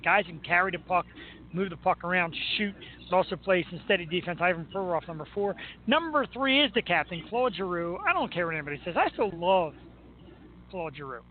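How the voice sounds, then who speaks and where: A man from Philadelphia hosting a show, talking sports in an enthusiastic, chatty way and laughing easily. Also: high-pitched. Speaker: show host. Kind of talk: casual sports talk. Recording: tinny phone-like line with faint noise.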